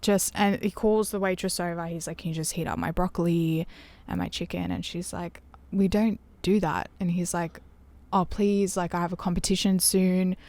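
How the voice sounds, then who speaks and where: With a fairly low-pitched voice and moderate pace, a female podcast guest relates a story in casual chat, animatedly acting out what others said. The setting is a caravan music studio.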